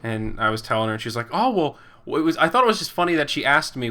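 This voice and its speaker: Bright-voiced rambling young man. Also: mid-range voice, lively intonation, quick pace, few pauses. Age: 20s. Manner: rambling, chuckling, acts out quoted people. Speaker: podcast host and esports caster. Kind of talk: casual chat reading live chat.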